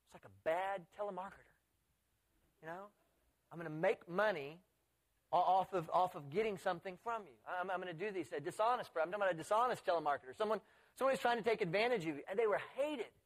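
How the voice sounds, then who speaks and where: Preaching in a fast, high-sitting voice, a man keeps his sermon conversational. He frequently turns to the audience with questions.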